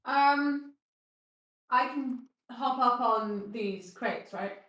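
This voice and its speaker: A woman's voice: on the high side, drawn-out words, a bit bright, echoey room, low-quality recording. A woman playing a tabletop game, talking casually and swearing freely. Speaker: player.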